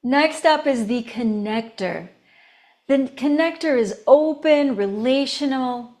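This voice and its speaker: A woman voice coach teaching a recorded course, animated, demonstrating tones and laughing between points. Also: normal speed. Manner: animated, demonstrating each tone with shifts in pitch and volume.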